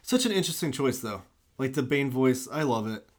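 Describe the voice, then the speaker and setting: A man's voice: mid-range voice, expressive, brisk. A man in casual film chat, rambling and enthusiastic, full of "like" and restarts.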